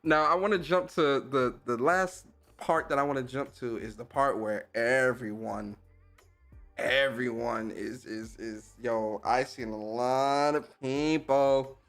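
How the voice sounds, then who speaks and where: A man's voice: mid-range voice, takes it slowly, faint music behind. A young man hosting a podcast, reacting to clips in casual, slangy commentary and laughing often. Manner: animated, slangy, laughs a lot.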